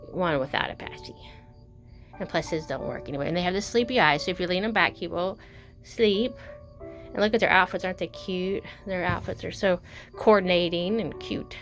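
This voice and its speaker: A woman chatting casually in a show-and-tell vlog, gushing and rambling with fillers and self-corrections. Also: on the low side. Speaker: doll collector vlogger.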